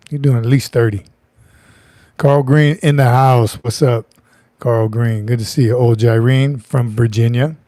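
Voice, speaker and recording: A man's voice: medium pitch, dark tone, no room sound. Chatty man hosting a livestream. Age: middle-aged. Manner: chatty, greets viewers by name, joking asides. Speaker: livestream host. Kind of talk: casual livestream chat.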